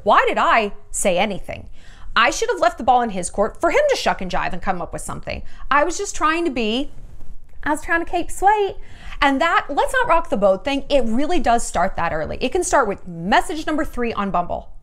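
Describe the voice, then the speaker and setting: A woman in her thirties giving relationship advice in a candid talking-head vlog, telling stories with lively acted-out quotes and frank swearing. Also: sits high, a little fast. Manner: animated storytelling, acts out her own quoted lines.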